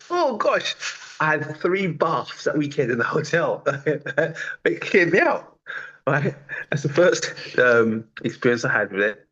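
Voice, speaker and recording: Animated male testimonial speaker, chatty with filler words, dull video-call audio. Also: mid-range voice. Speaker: network marketer giving a testimonial. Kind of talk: online group call testimonial.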